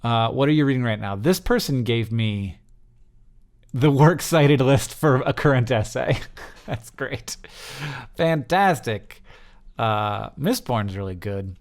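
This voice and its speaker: A man's voice: mid-range voice, animated, measured pace. A man in his thirties talking casually as host through survey results, rambling with many fillers and restarts.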